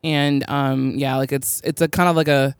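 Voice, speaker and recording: A woman's voice: extremely low pitch, steady tone, moderate pace, smooth, no room sound, clean studio sound. A woman co-hosting a TV recap podcast in casual chat, rambling with many fillers and frequent laughs. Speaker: podcast co-host.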